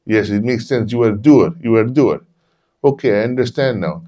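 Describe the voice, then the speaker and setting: A man's voice: mid-range voice, expressive, normal speed, dark tone, pitched above the performer's own voice, close to an everyday voice. A man voicing a blunt older male immigrant chemistry professor who speaks in clipped, broken English. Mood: matter-of-fact.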